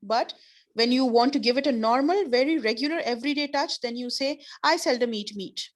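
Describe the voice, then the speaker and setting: A woman's voice: fairly high pitch, a little fast. A woman teaching an online class, explaining patiently with repeated examples. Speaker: English teacher.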